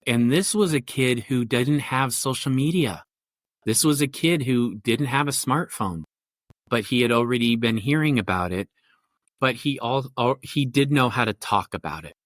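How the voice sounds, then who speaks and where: A middle-aged family therapist and parenting coach explains his ideas in a podcast interview, speaking at medium pitch and normal speed. The recording is dry and studio-clean, and his thoughtful speech rambles with many fillers and restarts.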